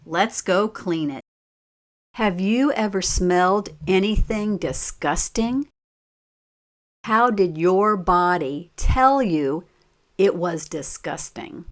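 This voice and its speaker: A woman reading a children's picture book aloud as a teacher, pausing to ask the listeners simple questions. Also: fairly low pitch, expressive. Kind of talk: slow read-aloud storytime with questions.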